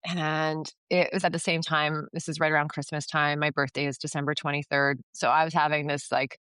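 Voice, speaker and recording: As a guest on a podcast, a yoga retreat founder from Canada narrates a story fairly quickly in a low-pitched, clear, resonant voice that's fairly bright, with little pitch movement. Her style is casual and chatty, full of fillers and acted-out dialogue, with no echo.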